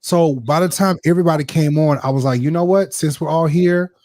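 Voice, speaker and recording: A man's voice: fairly high pitch, fairly quick, no room sound. A man telling a story candidly and profanely, acting out the quoted back-and-forth. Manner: animated, profane, acts out quoted exchanges. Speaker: podcast guest. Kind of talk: candid storytelling in a casual talk show.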